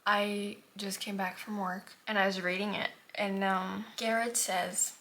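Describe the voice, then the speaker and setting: A woman in her early twenties talks casually about a book, gushing and animated. Her voice sits mid-range and now and then drops to a near-whisper. A faint background noise runs underneath. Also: mid-range voice, unhurried, hardly any pauses. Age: 20s. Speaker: booktuber reading vlogger. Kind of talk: casual chat.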